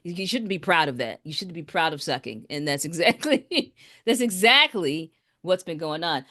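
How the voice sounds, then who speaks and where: Low-voiced middle-aged mother chatting. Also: lively intonation, normal speed, bright, forceful tone. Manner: laughs along, chiming in with hesitant, rambling remarks. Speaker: co-host, the son's mother. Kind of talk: casual reaction chat.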